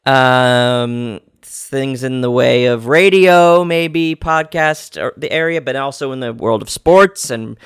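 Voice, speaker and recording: A man's voice: mid-range voice, slow pace, clear, resonant tone, no echo, clean studio sound. A young man hosting a casual solo sports podcast, rambling and cutting himself off mid-thought. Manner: rambling, self-interrupting, chatty. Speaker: podcast host.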